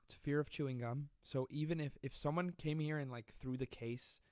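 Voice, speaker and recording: A man's voice: a little high, fairly even intonation, normal speed, a little mellow, no echo. A man hosting a casual comedic live stream from home, joking and self-mocking as he rambles between stories and reading comments. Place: at home during quarantine. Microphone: close desk mic.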